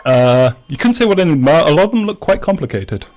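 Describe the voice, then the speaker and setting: A man's voice: on the high side, sing-song, fast, darkish tone, soft background music. A man narrating as game master of a tabletop game, rambling with many restarts and fillers.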